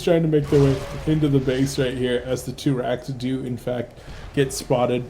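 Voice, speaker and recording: A tired man casting a video game match live, with rapid play-by-play and excitable bursts. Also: mid-range voice, slight background noise. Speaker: play-by-play esports caster.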